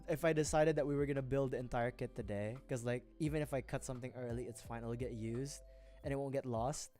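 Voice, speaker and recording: A man's voice: medium pitch, fast, darkish tone. A man livestreaming as he builds a model kit. He rambles casually, mutters to himself while he works and swears often. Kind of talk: casual rambling stream chat. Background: faint background music.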